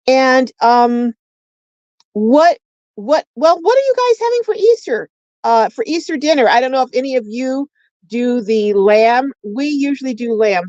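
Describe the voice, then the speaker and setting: A woman's voice: fairly high pitch, darkish tone, dry recording. A woman hosting a casual livestream chat, greeting viewers by name and reading their comments aloud. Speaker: livestream host. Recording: dull lo-fi dry sound.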